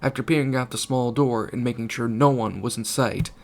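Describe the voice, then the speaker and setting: A man reading a fan-written story aloud as narrator, switching into animated character voices for the dialogue. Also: mid-range voice, brisk, gravelly.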